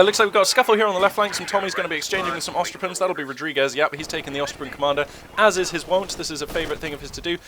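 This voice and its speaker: A man's voice: fairly high pitch, bright, forceful tone, a little hiss or hum. A man with a cold, casually commentating a strategy game in a chatty, rambling way. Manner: chatty and rambling, many fillers. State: has a cold, voice a bit low. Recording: game gunfire and artillery behind.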